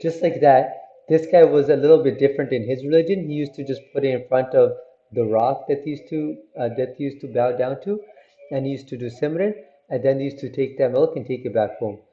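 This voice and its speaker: A man's voice: mid-range voice, brisk. A man telling a religious story in a casual, conversational way, checking in with listeners as he goes. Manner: conversational, many fillers and "right?" check-ins. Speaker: storyteller for a Sikh teaching channel. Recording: roomy, dull lo-fi sound.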